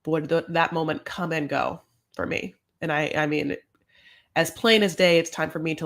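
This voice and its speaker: A woman's voice: sits low, fairly even intonation, normal speed. An American woman hosting a casual recap, talking in a chatty, gossipy, sassy way. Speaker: host. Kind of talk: casual reality-show recap.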